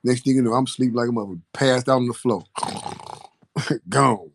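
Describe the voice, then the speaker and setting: A man's voice: mid-range voice, a little fast, a little hiss or hum. Laid-back man telling a story. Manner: laid-back, profane, laughing. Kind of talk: casual storytelling.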